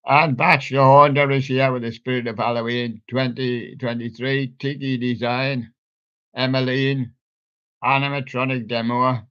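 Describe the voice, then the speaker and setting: A man's voice: mid-range voice, level tone, normal speed, a bit bright, clean tone. An older man hosting a live stream alone, rambling through jokey wordplay, chuckling and talking to his props. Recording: dull lo-fi stream audio.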